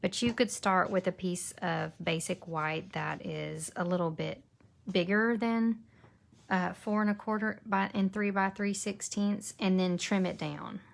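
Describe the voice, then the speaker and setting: A woman's voice: medium pitch, steady tone, unhurried, creaky, a little hiss or hum. A woman demonstrating a papercraft project, chatting and thinking aloud as she works. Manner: chatty, thinks aloud while working, drops to a whisper while concentrating. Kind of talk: casual crafting tutorial.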